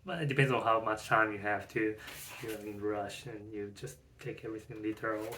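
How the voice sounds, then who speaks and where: A young man who is not a native English speaker, reading a book aloud slowly and correcting his slips, then reflecting casually with many fillers. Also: fairly low pitch, steady tone, bright, forceful tone, recorded from a distance, slight background noise. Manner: careful, slow reading with self-corrections; rambling with many fillers when speaking freely. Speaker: self-recording reader practicing English.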